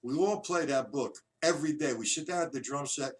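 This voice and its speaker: A man's voice: medium pitch, fairly quick. A man teaching a drum lesson on a live stream, counting beats aloud in a loose, chatty way. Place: drum room at a kit. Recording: far from the mic, loud music and drums behind. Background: loud drumming.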